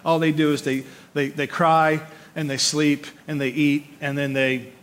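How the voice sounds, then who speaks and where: A man preaching a conversational sermon, animated and often checking in with his listeners by asking "right?", repeating words as he builds his points. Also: a little high, a little slow. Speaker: pastor.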